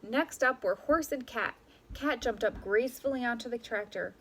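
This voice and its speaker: A woman reading a picture book aloud to children, expressive and animated. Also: fairly high pitch, normal speed, slight background noise. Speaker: storyteller.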